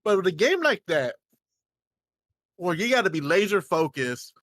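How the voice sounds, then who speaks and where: A young man co-hosting a casual gaming chat, halting and stammering as he asks questions. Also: sits high, sing-song, fairly bright tone, no room sound. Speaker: podcast co-host.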